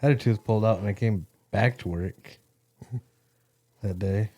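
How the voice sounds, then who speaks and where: A man's voice: fairly low pitch, moderate pace, mellow. A man on a podcast, chiming in with short remarks and laughs. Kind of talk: casual chat.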